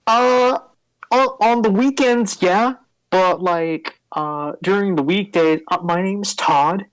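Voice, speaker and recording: A man's voice: high voice, slow pace, fairly bright tone, clean tone, dry recording, voice pushed up, poor audio. A man voicing a sheepish young man who only plays a vampire on weekends, in a hesitant, raised voice.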